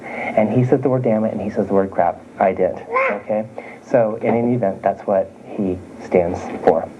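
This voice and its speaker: A man working as a psychic medium in a private reading, speaking haltingly with fillers and restarts and checking in with his listeners after almost every sentence. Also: lowish voice, muffled recording, noisy background. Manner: keeps checking in with "okay?". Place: home room with small children nearby.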